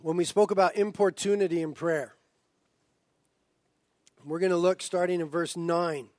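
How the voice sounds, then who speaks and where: A man's voice: sits high, steady tone, moderate pace, darkish tone, dry recording. A man in his thirties preaching a sermon as pastor, earnest and building to fervent emphasis.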